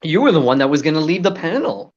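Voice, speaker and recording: A man's voice: on the high side, big pitch swings, quick pace. A man arguing and laughing in heated live-stream banter, mocking and argumentative, on dull lo-fi stream audio. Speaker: livestream panel guest.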